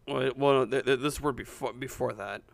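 A man's voice: mid-range voice, fairly even intonation, moderate pace, creaky, no room sound. A man in his twenties co-hosting a casual chat, tired, stammering and laughing often. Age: 20s. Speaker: podcast co-host.

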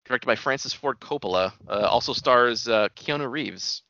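A man's voice: medium pitch, moderate pace, sharp tone, no room sound, muffled recording. A man co-hosting a podcast, chatting casually about movies in a rambling way and laughing often. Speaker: podcast co-host.

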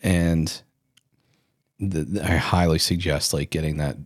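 A man's voice: rumbling low, fairly even intonation, measured pace, dry recording, clean studio sound. A man in his thirties hosting a solo podcast, telling stories in a rambling, self-correcting way. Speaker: podcast host. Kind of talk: casual solo podcast talk.

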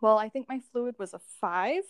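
A woman's voice: fairly high pitch, moderate pace, no echo. Young woman telling a story animatedly. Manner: animated, acts out quoted dialogue, laughs often. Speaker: guest sharing birth story. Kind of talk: casual conversational storytelling.

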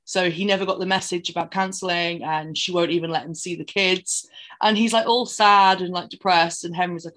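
A woman's voice: on the low side, fairly even intonation, brisk, a bit bright. A woman co-hosting a podcast, casually retelling film scenes in a rambling way and acting out the characters' lines. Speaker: podcast co-host. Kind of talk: casual film recap chat.

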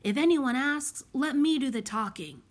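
A woman voicing a timid, nervous orphan boy with rough, anxious speech. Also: high voice, lively intonation, normal speed, pitched above the performer's own voice. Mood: muttering.

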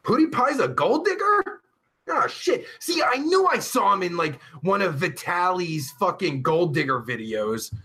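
Guy streamer reading chat, crude and rambly, high bright voice that jumps all over, takes his time. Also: sing-song. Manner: rambling, vulgar, quick to get riled up. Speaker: live show host reading chat.

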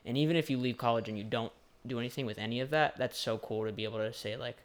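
A man's voice: medium pitch, quick pace. A young adult man interviewing a fellow student, rambling and searching for words with lots of "like". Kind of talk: casual interview chat.

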